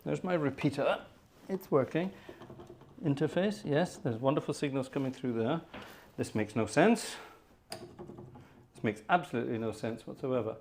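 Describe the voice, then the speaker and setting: A man's voice: medium pitch, moderate pace, gravelly, darkish tone, a little hiss or hum. A chatty man hosts a live organ music stream in a mid-range voice. He narrates what he is doing as he goes and mutters exasperated asides under his breath. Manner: chatty, narrating his own tech troubleshooting. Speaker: organ music livestream host. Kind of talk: casual live-stream chat.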